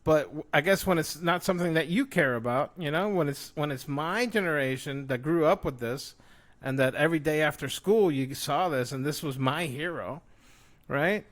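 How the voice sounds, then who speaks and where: A man co-hosting a casual show, ranting excitedly and swearing a lot. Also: a little high, normal speed. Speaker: podcast co-host. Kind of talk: casual chat.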